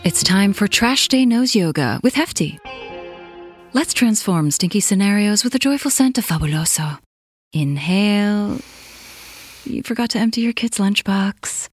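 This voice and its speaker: A woman reading a playful ad in a calm, instructor-like way. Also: medium pitch, measured pace, soft background music. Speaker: commercial announcer. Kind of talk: playful guided-breathing ad.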